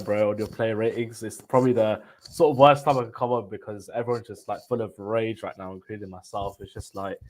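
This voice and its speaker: A man's voice: lowish voice, low-quality recording. A man appearing as a guest on a live stream, talking casually and with frustration. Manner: frustrated, casual, lots of fillers. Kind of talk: casual chat.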